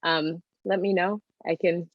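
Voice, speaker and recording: A woman's voice: fairly low pitch, steady tone, measured pace, no echo. Hesitant woman on a dull, dry call. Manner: hesitant, many ums and likes, emotional. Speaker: coaching client, joy strategist for working moms. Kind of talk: role-play then open reflection.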